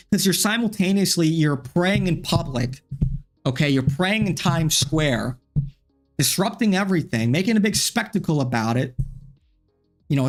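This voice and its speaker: A man ranting on a livestream in a heated, frustrated way, swearing often. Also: on the high side. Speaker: streamer. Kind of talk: livestream commentary rant.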